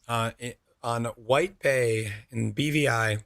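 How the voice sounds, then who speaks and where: Bright-voiced male gaming streamer. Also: medium pitch, slow pace, gravelly, no echo, clean studio sound. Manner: chatty, reads out and answers chat, laid-back. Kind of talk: casual chat with viewers while gaming.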